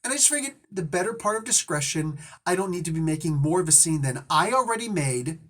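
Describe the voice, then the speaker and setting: A man's voice: high-pitched, lively intonation, quick pace, a bit bright. A man hosting his channel, telling a personal story in a rambling, indignant way. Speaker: host. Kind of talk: casual storytelling.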